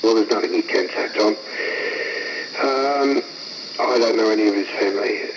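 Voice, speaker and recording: A man speaking in a measured, hesitant way on an amateur radio net. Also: fairly low pitch, muffled recording. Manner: measured, hesitant, many pauses. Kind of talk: casual amateur radio chat. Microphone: ham radio transceiver mic. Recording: noisy radio transmission.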